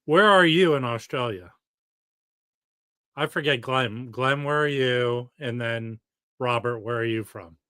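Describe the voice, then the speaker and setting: A man's voice: mid-range voice, measured pace, sharp tone, smooth, dry recording. A man hosting a casual live stream alone, rambling and chatty as he reads out viewer comments.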